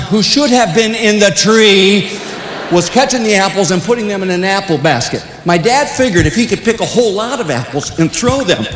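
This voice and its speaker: An older man telling comic stories to young people, swinging between loud punchlines and hushed, earnest moments. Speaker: speaker at a youth conference. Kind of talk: comedic storytelling. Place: large hall. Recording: echoey hall with faint rumble.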